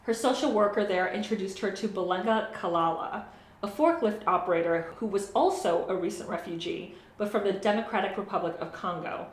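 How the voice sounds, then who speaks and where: A woman's voice: mid-range voice, fairly quick. Casual, swearing podcast host woman. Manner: swears casually, laughs often, self-deprecating. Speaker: podcast co-host telling a true story. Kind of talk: casual podcast chat and storytelling. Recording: roomy with faint noise.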